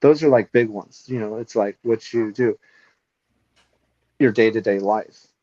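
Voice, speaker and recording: A man's voice: lowish voice, a little slow, mellow, no room sound, dull audio. Profane, opinionated man ranting. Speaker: podcast co-host. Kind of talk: casual podcast chat.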